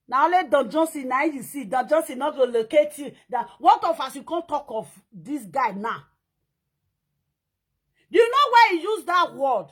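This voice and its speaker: A woman with a Nigerian Pidgin accent giving an animated, scolding commentary rant. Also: high-pitched. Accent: Nigerian Pidgin English. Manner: scolding, animated, mimics and sing-songs.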